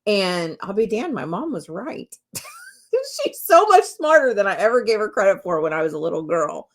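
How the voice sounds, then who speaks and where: A woman's voice: medium pitch, sing-song, moderate pace. A middle-aged woman hosting her own podcast as a spiritual medium, talking in a casual, candid way, swearing freely and laughing often. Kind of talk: casual solo podcast talk.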